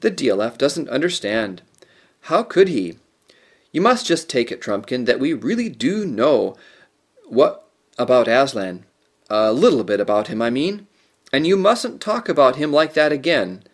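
A man's voice: mid-range voice, very animated, measured pace, pitched above the performer's own voice. A man voicing the eldest boy, a reluctant young king, in a storybook reading, firm and reasoning.

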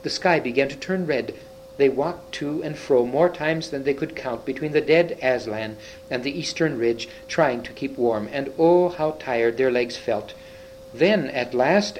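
A man's voice: medium pitch, a little hiss or hum, rough recording. A man reading a children's fantasy book aloud, with small slips and restarts. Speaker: reader.

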